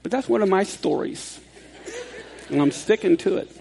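A man's voice: high voice, normal speed, gravelly, a faint crowd. A man giving a sermon as a pastor, talking in a conversational way and telling a personal story. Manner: conversational, rising to excited laughter when storytelling.

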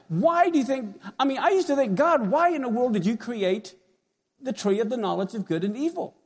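Animated preacher man, high gravelly voice. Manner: animated, conversational, asks the congregation questions. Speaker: pastor. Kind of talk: sermon.

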